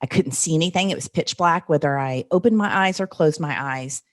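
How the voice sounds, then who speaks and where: A woman in her fifties, a podcast guest, telling a personal story in an earnest, vivid, unhurried way. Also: low-pitched.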